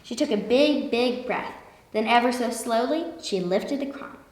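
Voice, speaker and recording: A woman reading a children's picture book aloud in a lively way, slowing down for emphasis. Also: a little high. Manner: lively, with slowed emphatic passages. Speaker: storyteller. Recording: echoey room with long reverb.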